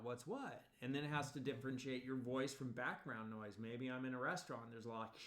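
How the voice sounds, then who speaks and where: A man's voice: medium pitch, fairly even intonation, brisk, a bit bright. A male college instructor giving a recorded video lecture in a loose, rambling way, full of fillers and restarts. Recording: echoey room.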